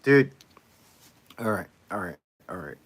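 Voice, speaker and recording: A man's voice: on the low side, big pitch swings, a little slow. A man livestreaming, chatting casually to viewers in a loose, rambling way with lots of repeated phrases.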